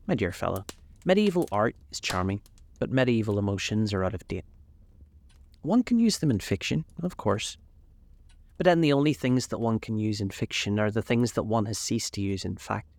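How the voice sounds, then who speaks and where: A man's voice: on the low side, animated, moderate pace, a little mellow, no room sound. Man voicing a languid witty aristocrat. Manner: drawling, epigrammatic, amused.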